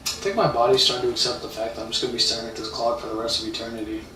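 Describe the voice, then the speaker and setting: A man's voice: mid-range voice, level tone, rapid-fire, pushed and bright. Man, casual live-stream storytelling, rambling, swears, echoey room, faint background hum. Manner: rambling, profane, repeats himself. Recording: roomy, distant mic, faint ambience.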